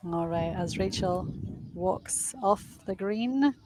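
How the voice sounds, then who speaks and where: A woman's voice: mid-range voice, takes it slowly, darkish tone. A young woman doing live golf commentary outdoors on a windy course, chatty and self-deprecating.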